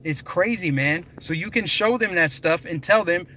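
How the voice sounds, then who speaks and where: A man's voice: high-pitched, moderate pace, bright, forceful tone, rough recording. A young man live streaming, talking emphatically and directly to his viewers in a conversational way. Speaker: political vlogger.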